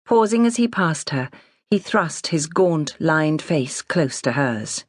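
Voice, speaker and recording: A woman's voice: sits low, expressive, slow pace, dry recording. Woman reading a novel aloud, dry sound. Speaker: audiobook narrator. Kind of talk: scripted narration.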